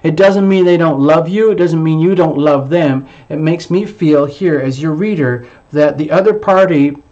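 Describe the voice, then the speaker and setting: A man's voice: fairly high pitch, darkish tone, highs cut off. A man giving a monthly tarot reading, emphatic and repetitive, sometimes speaking the listener's thoughts aloud. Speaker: tarot reader.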